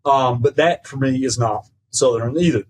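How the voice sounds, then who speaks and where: A man speaking as a podcast guest and professor, in a measured, lecturing way that mixes academic phrasing with folksy "ain't" and frequent "right?" checks. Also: mid-range voice, slight background noise, rough recording. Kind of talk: conversational lecture.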